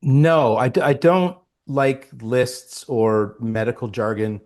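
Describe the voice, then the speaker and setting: A man's voice: mid-range voice, slow. A man, an actor guest, telling stories in an interview and acting out quoted lines. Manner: animated storyteller, acts out quotes. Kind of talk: storytelling interview.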